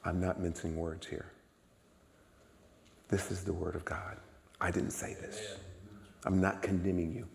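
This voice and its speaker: A man preaching a sermon in a church, emphatic and repetitive, swinging from low murmurs to loud exclamations. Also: level tone, a little slow, creaky, pauses often, in a large hall. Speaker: guest preacher. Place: church sanctuary.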